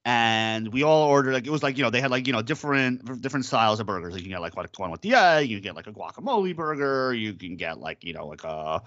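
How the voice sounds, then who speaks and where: Animated, bright-voiced podcast man. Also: medium pitch, fast, few pauses, highs cut off. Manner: rambling, animated, filler-heavy. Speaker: podcast co-host. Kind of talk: casual chat about a TV episode.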